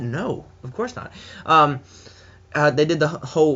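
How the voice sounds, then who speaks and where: A man's voice: a little high, lively intonation, moderate pace, bright, forceful tone, slightly rough, highs cut off. A man with a Southern US accent giving a casual, enthusiastic solo wrestling review, rambling with many fillers and restarts.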